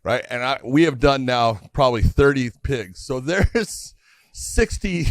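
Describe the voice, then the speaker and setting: Animated storytelling man, dry close mic. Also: mid-range voice, measured pace, dry recording. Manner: animated storyteller who acts out the voices of people in his story. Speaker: podcast co-host. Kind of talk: casual storytelling.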